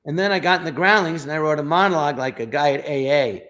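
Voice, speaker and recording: Older man telling stories, animated and stammering. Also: a little high, fast talker. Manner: animated, acts out quotes with voices, stammers and restarts. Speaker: guest comedian. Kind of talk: casual interview storytelling.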